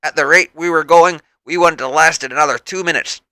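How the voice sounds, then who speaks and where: A fierce young mutant team leader, played by a man, firm and commanding. His calls come out bright and forceful. The recording is close and dry. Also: fairly high pitch, a little fast, smooth, no room sound, voice pushed up.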